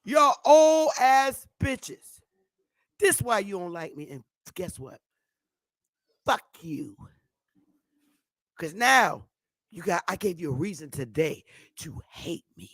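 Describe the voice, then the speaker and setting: A brash woman vlogger rants in a profane, taunting monologue. She talks slowly, but her pitch leaps around in a lively way. The sound is close and dry. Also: slightly rough, no room sound. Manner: brash, taunting, laughs often.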